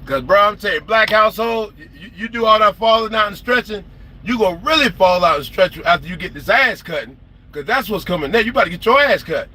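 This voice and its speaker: A man's voice: high voice, lively intonation, fast talker, sharp tone. A man telling stories in a casual, profane rant on a porch, and he acts out the people he quotes. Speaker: trucker vlogger. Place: porch, outdoors.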